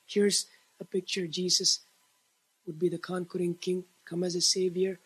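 A man preaching a sermon, reading scripture aloud and explaining it with emphatic restarts and a husky voice. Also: high voice, a little mellow, poor audio. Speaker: pastor.

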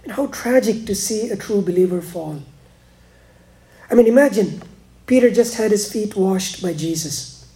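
Preaching man with a mellow voice. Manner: preaching, swings between hushed lows and emphatic rises. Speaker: pastor. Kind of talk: sermon.

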